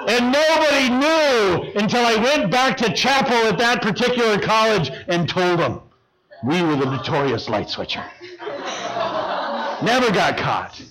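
A man telling a funny personal story to an audience, animated and punctuated with sound effects like boom and whoosh. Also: a little slow, slight background noise, poor audio.

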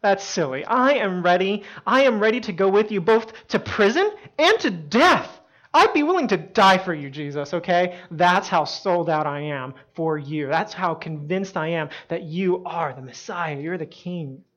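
A woman voicing an impulsive, fiercely loyal male disciple who protests loudly and in a raised pitch, in a dull lo-fi recording. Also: measured pace, few pauses. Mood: boastful. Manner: loud, high-pitched protesting. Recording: dull lo-fi sound.

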